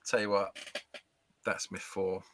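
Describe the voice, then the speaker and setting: A man's voice: low voice, level tone, a little slow, a bit bright, slight background noise. A British man co-hosting a live tabletop dice game, joking with his opponent and counting dice aloud. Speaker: game show co-host. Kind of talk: casual live game commentary.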